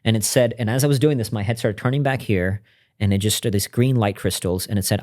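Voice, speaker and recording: A man speaking as a guest on an interview podcast, in a lowish voice. He tells his story earnestly and reflectively, in conversation. At intimate moments he sinks into a quiet, hushed delivery. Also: brisk.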